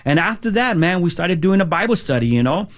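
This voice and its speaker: A middle-aged man telling his personal testimony, casual and halting, often repeating words and saying "man". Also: sits high, very animated. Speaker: guest sharing testimony.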